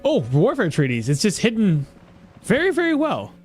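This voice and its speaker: A man's voice: high voice, huge pitch swings, moderate pace, soft background music. A man streaming a video game, chatting casually, thinking aloud and answering his chat as he plays. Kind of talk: live gameplay commentary.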